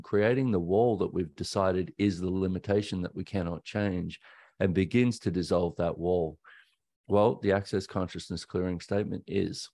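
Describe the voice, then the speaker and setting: A man with an Australian accent hosting a podcast, telling a personal story in a candid, halting way that often stops to correct himself. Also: low-pitched, a little mellow, no room sound, clean studio sound. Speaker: podcast host.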